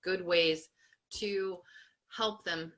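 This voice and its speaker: A woman hosting a teaching podcast, putting questions to her guest in an upbeat, encouraging way. Her voice has a bright, clear edge. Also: on the low side, fairly even intonation, very slow. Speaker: podcast host. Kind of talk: interviewing a guest.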